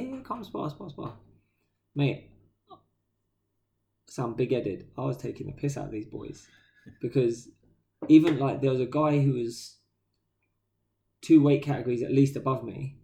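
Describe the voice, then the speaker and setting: A man's voice: mid-range voice, steady tone, moderate pace, gravelly, pauses often, warm tone. A man, chatting casually on a podcast, tired and telling stories with slang and acted-out quotes. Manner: laid-back storyteller, slangy, acts out quotes. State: tired, yawning. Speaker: podcast co-host. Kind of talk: casual chat.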